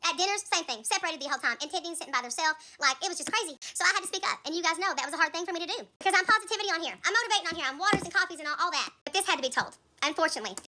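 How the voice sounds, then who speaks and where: A woman's voice: very high-pitched, animated, racing, hardly any pauses, bright, forceful tone, slight background noise. A woman telling an emotional story in an emphatic, fired-up rant, repeating her points. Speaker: TikTok creator in a played clip.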